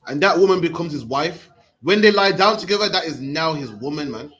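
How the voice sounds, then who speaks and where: A man's voice: fairly high pitch, lively intonation, a little fast, a bit bright. A British man in his thirties preaching in the street, emphatic, tagging "man" onto his sentences. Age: 30s. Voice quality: emphatic, repeats "man" at line ends.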